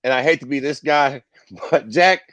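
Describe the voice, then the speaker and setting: A man's voice: medium pitch, moderate pace, a bit bright, dry recording. A man co-hosting a podcast in casual chat, brash and profane, a self-described contrarian. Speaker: podcast co-host.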